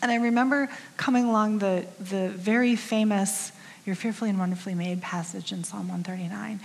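A woman's voice: mid-range voice, brisk, creaky, slight background noise. A woman in her fifties gives a conversational sermon to a women's group, telling stories about herself with candid, self-deprecating humor. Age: 50s. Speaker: women's ministry speaker. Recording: long reverb of a large hall.

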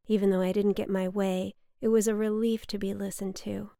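A woman reading her personal story aloud in a measured, wry, reflective manner. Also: medium pitch, little pitch movement, creaky, warm tone, no echo, studio quality. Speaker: memoir narrator.

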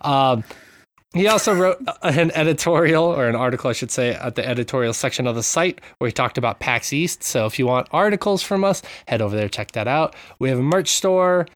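A man's voice: mid-range voice, animated, a little fast, no room sound. A man hosting a casual podcast, joking around and reading out supporter thanks with mock sincerity. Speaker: podcast host.

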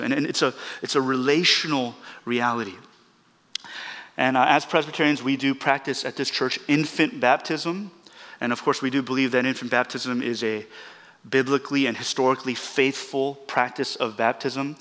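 A pastor preaching a sermon in a church, earnest and emphatic, repeating phrases to drive points home. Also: male voice, medium pitch, normal speed, fairly bright tone, long reverb tail.

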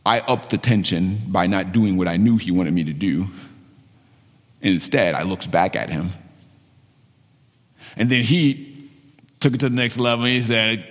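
A man's voice: fairly low pitch, unhurried, long pauses. A pastor in his forties giving a conversational sermon, telling a personal story candidly and repeating phrases for emphasis. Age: 40s. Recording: long reverb of a large hall.

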